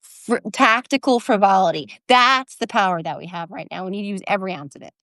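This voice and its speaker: A woman hosting a live video stream, chatting casually about politics and telling stories with quick asides. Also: medium pitch, dry recording, clean studio sound. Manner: animated storytelling, quick asides. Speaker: livestream host.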